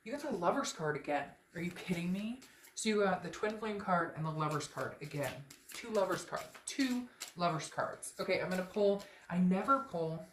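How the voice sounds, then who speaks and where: A woman's voice: fairly low pitch, expressive, moderate pace, roomy sound, a little hiss or hum. A woman giving a casual tarot reading, rambling, joking and blunt, swearing freely as she goes. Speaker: tarot reader.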